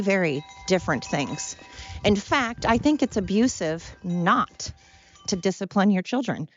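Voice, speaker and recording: A woman hosting a podcast on her own, talking in a blunt, opinionated, rambling way. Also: medium pitch. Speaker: podcast host. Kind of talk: casual solo monologue. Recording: dry, dull lo-fi sound.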